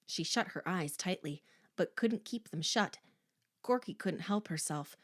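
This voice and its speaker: A woman narrating a horror audiobook in a slow, hushed, suspenseful manner. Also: fairly low pitch, expressive, no room sound, clean studio sound.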